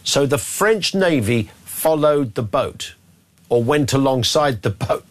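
A man presents a radio phone-in. He talks in a wry, exasperated, bantering way, often slowing down for emphasis. His voice sits at a middling pitch. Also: expressive.

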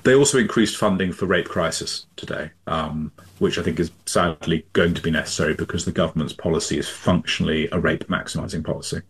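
A man speaks as a journalist guest on talk radio, earnest and repeating words as he builds his point. His voice is very deep and husky. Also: fast, hardly any pauses. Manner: earnest, stumbling repetitions. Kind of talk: radio interview commentary.

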